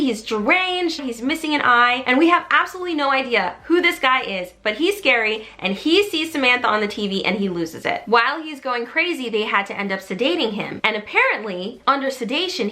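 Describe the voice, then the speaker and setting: Brief: woman, storytime host, fairly high voice, bright and forceful tone, lively delivery that dips into quoted voices. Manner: animated, acts out quotes with shifting pitch. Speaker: YouTuber retelling a movie. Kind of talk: casual storytime recap.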